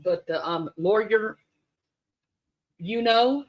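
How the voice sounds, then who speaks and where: A woman in a casual chat with friends, speaking in hesitant, soft-spoken asides. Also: mid-range voice, slow pace, lo-fi sound.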